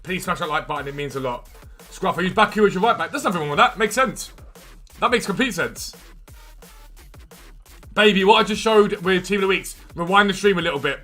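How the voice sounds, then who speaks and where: A man hosting a live game stream, chatting casually and quickly answering viewers' questions from chat. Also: high voice, animated, sharp tone, soft background music.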